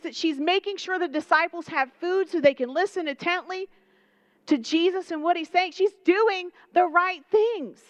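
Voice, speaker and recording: A young woman preaching a lively, conversational sermon, full of rhetorical questions and asides to the congregation. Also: very high-pitched, dry recording, dull audio.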